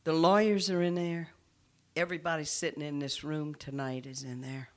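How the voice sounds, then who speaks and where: A nun giving an impassioned public speech to an audience in a room. She is earnest, and her delivery swings from forceful to hushed. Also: low voice, level tone, normal speed.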